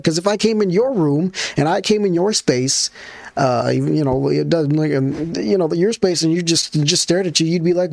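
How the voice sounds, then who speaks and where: A man's voice: normal speed, a little mellow, dry recording. Rambling male podcast host, dry mic. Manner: rambling, restarts often, rises high when ranting. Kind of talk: casual solo radio-show monologue.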